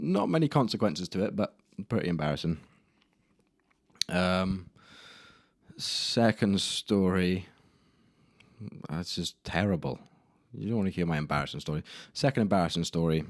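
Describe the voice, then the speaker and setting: Low-voiced young man rambling. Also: expressive, unhurried, pauses often, no room sound, clean studio sound. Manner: rambling, self-deprecating, casual swearing. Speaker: podcast host. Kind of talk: solo podcast storytelling. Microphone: camera mic in a room.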